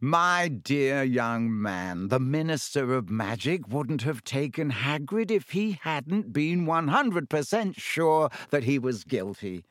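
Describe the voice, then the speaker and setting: A man voicing a vain, pompous male wizard teacher in an audiobook, speaking slowly and condescendingly. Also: mid-range voice, sing-song, a bit bright, dry recording, clean studio sound. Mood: smug. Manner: slow, condescending, beaming. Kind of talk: audiobook reading.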